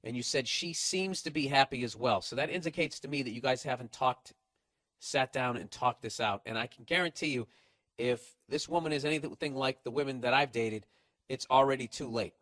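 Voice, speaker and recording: A man's voice: mid-range voice, a little fast, fairly bright tone, no room sound. A man hosting a comedy advice podcast, ranting bluntly and profanely. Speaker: podcast host giving advice.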